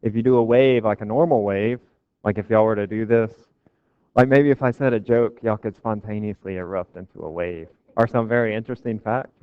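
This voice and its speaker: A man's voice: fairly low pitch, steady tone, brisk, clean tone, dry recording. Joking man lecturing physics. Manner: casual, joking with students. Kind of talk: classroom lecture. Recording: dull, dry lecture recording.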